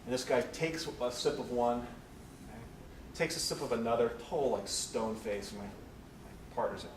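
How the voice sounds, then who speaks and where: A man's voice: medium pitch, a little slow. A man leading a conference session, telling a work story and acting out the people in it. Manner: animated storyteller acting out quotes. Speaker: session leader. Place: conference room. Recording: echoey room from far off with noise.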